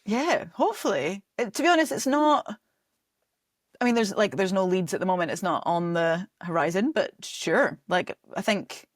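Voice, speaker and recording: A young woman with a Scottish accent talks in a loose, chatty way, laughing a lot and scattering "like" through her sentences. Her pitch sits in a middle range for a woman. The sound is close and dry, with no room around it. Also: expressive, moderate pace, dry recording. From Scotland. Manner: chatty, laughs often, lots of "like" fillers. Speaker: comedy director and promoter, guest. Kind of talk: casual podcast chat.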